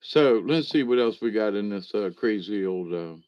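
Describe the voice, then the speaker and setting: A man's voice: fairly low pitch, animated, moderate pace, smooth, no echo, lo-fi sound. A man reading jokes aloud in a casual way, chuckling and adding wry asides between them. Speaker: comedy reader.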